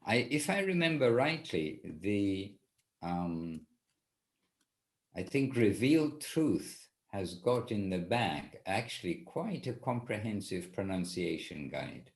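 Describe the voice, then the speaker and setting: Slow and sing-song, the man's fairly low voice carries an informal spiritual class. He rambles, restarts, and keeps amending what he's just said.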